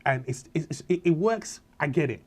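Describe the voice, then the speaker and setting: A man's voice: a little high, a little fast, slightly rough. A man, a comedian, talking casually in an interview and acting out quotes as he tells stories. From Nigeria and Britain. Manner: animated storyteller, acts out quotes. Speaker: comedian guest.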